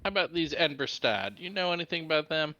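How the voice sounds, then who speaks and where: Bright-voiced man, folksy player. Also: a little high, expressive, fairly quick, highs cut off. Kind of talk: in-character tabletop play.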